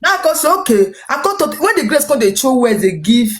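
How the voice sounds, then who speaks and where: A woman's voice: high voice, brisk. A woman with a Nigerian Pidgin English accent, rambling as she retells a dispute and voices the other people's lines in her story. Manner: rambling, repetitive, animated retelling with quoted dialogue. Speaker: social media personality. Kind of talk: gossipy storytelling recounting a dispute.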